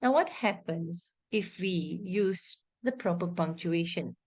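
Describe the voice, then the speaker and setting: Her voice sits on the low side, and she talks slowly with few pauses. She's a Malaysian English speaker running an online English class, patiently explaining and regularly checking on her students, and she reads sample passages with lively intonation.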